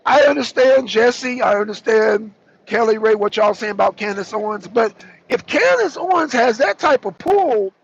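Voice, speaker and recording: A man with a very high, gravelly voice rants through heated political commentary and calls out his co-hosts by name. The sound is a bit muffled, with faint noise behind him. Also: moderate pace. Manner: animated, ranting, addresses co-hosts by name. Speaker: political talk show host.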